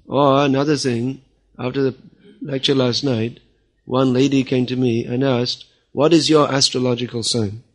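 A man giving a spiritual lecture at an ordinary, mid-range pitch. He speaks firmly and scolds his listeners. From time to time he mimics the people he criticizes. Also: fairly even intonation, moderate pace. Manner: firm, scolding, quotes others in mock voices. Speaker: spiritual teacher. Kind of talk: religious lecture.

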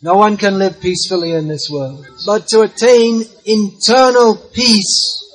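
Brief: male devotional teacher, high pitch, unhurried, inviting call-and-response delivery. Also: fairly even intonation, fairly bright tone, faint music behind, rough recording. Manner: patient, inviting, repeats words for a crowd. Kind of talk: street talk on spiritual philosophy, leading a chant.

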